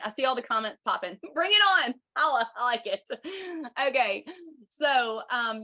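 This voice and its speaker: A woman's voice: medium pitch, pushed and bright. A woman, hosting a chatty, bubbly livestream for her viewers. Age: 30s. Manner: bubbly, chatty, says y'all a lot. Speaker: podcast host.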